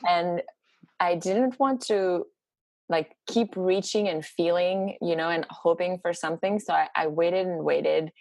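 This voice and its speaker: Dry, low-voiced woman telling a story. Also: vocal fry, dry recording. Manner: animated, halting, many fillers. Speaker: podcast guest. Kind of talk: casual storytelling.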